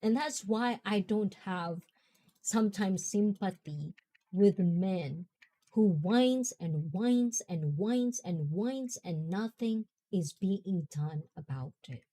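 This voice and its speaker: Slow, mellow-voiced woman. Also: mid-range voice, lively intonation. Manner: rambling, chatty, laughing often. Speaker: host. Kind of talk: casual talk.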